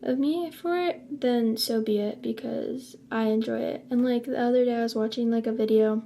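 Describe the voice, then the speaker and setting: A young woman chats casually to camera in a loose, rambling way, full of filler words. Her voice sits a little high, with a mellow tone and gravelly fry at the ends of phrases. Faint noise hums behind her. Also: moderate pace. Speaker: vlogger.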